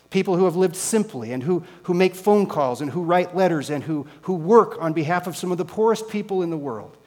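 A male pastor preaching a sermon with slow, emphatic rhetorical questions. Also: on the high side, darkish tone. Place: church sanctuary. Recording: long reverb with mains hum.

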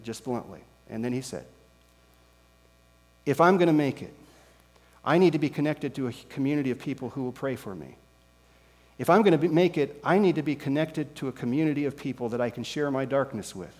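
A male pastor preaching a sermon with slow, emphatic rhetorical questions. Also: medium pitch, a little mellow. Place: church sanctuary. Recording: long reverb with mains hum.

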